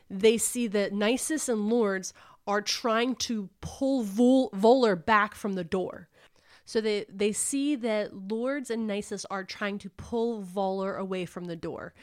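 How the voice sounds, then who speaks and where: A woman's voice: mid-range voice, clean tone. A woman hosting a book club podcast, casually retelling a novel's plot and acting out the characters' lines. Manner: animated storyteller acting out quotes, says "like" often.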